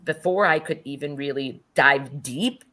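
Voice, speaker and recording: A woman's voice: a bass voice, a little slow, pushed and bright. A middle-aged woman speaking as an interview guest, telling a personal story with casual swearing and acted-out quotes.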